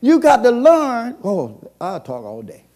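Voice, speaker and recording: A pastor preaches in a high, lively voice that leaps up and down. He moves between quiet, drawn-out passages and sudden shouted calls to the church. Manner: call-and-response preaching, swings from soft to shouting. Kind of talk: sermon.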